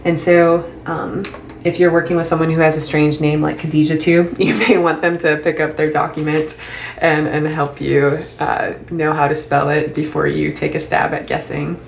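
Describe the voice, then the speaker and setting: Low-voiced woman giving a casual lesson. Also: moderate pace, gravelly, slight background noise. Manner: relaxed and chatty, many ums, light laughs. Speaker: English mentoring trainer. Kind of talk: casual instructional talk. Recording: echoey room, faint ambience.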